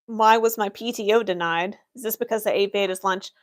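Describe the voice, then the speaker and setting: Woman streamer, dry deadpan office humor. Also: medium pitch, brisk. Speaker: livestreamer playing an Imperial office worker. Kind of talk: in-character livestream Q&A.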